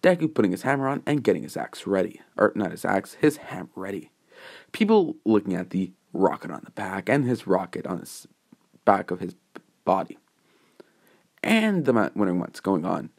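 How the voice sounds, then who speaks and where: A man telling a fan story off the cuff, wandering through his sentences and correcting himself as he goes. His voice sits on the low side and the tone stays casual and unscripted. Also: big pitch swings, normal speed, creaky. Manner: rambling, with fillers and self-corrections. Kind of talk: casual improvised narration.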